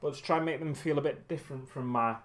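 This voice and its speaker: There's a little hiss or hum as a man chats quickly in an ordinary, mid-pitched voice while building miniatures on his hobby livestream. He wanders from thought to thought with many ums and self-corrections, sounding like he's getting tired.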